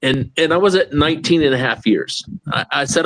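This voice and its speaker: A man in his sixties spins lively service stories as a podcast co-host. His voice sits a bit high for a man, and he laughs often and trips over his restarts. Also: fairly quick, hardly any pauses, poor audio. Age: 60s. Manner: animated anecdotes, laughs often, stammers on restarts. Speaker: podcast co-host, retired Marine. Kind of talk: casual storytelling.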